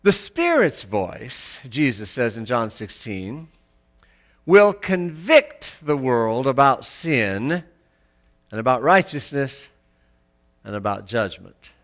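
A man preaching a sermon in a church, emphatic and rising to loud exclamations. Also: medium pitch, big pitch swings, slow. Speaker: pastor.

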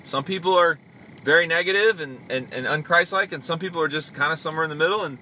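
A man hosting a casual podcast about faith, chatting loosely, acting out quick voices and reading comments aloud. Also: a little high, slight background noise. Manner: animated, acts out voices, reads comments aloud. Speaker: podcast host.

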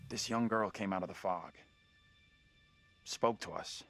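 A man voicing an uneasy young man in a horror video game, speaking quietly. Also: sits low, a little slow, soft background music.

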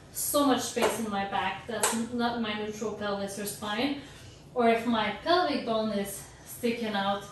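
Young woman dance teacher walking u thru core work, laid back n jokey, kinda high voice, distant mic, super echoey room. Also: a little hiss or hum. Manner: relaxed, chatty coaching with self-deprecating jokes. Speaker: dance instructor. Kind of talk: online workshop instruction. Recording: roomy echo, distant from the mic.

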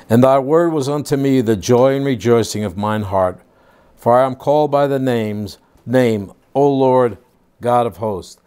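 A man's voice: medium pitch, measured pace, darkish tone, smooth. An older man teaching a home Bible study, reading scripture aloud and then explaining it in plain, casual asides.

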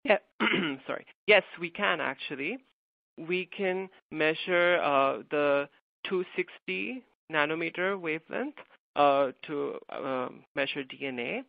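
Gravelly man answering over a tinny line. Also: fairly high pitch, takes it slowly, dry recording. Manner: hesitant, many fillers. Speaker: graduate student answering questions. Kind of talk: live Q&A answers. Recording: tinny phone-like line, dry.

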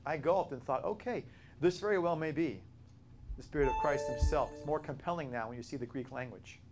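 A man's voice: fairly high pitch, fairly quick, loud music behind the voice. A man teaching a Bible study. He talks earnestly, repeats his key points and spells out words as he explains them.

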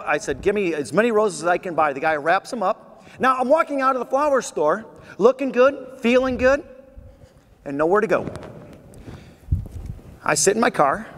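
High-voiced energetic man in a big hall. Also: moderate pace, long pauses, a faint crowd. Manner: energetic, animated storytelling with audience call-and-response. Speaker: motivational keynote speaker. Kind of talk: motivational keynote speech. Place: large convention hall. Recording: echoey convention hall, faint noise.

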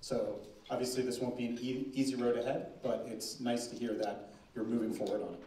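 A man's voice: mid-range voice, steady tone, a little fast, mellow. A man moderating a question-and-answer session at a forum, with light, joking asides. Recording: echoey conference room, distant mic, faint noise.

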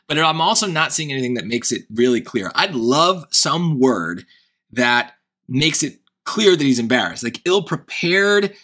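Man, Long Island accent, tutor, thinking aloud, hesitant, bright tone. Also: medium pitch. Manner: hesitant, self-questioning, many restarts. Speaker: SAT tutor. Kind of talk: thinking-aloud test prep lesson.

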